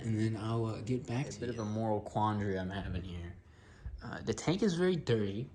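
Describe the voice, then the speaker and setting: A man chats casually while filming himself at home, his thoughts wandering as he jokes and scolds his dogs. His voice sits in an ordinary middle range. The camera audio carries a clear layer of household noise. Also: medium pitch. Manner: rambling, joking, talks to his dogs. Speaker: vlogger. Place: home kitchen.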